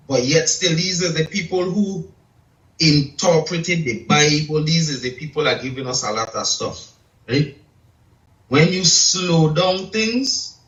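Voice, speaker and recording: A man lectures in a slow, drawn-out way, his voice bright and a little high. He sits back from a dull-sounding mic in an echoey room, and keeps asking whether his listener follows. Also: far from the mic. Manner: slow, lecturing, asks "you check?". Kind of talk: casual chat.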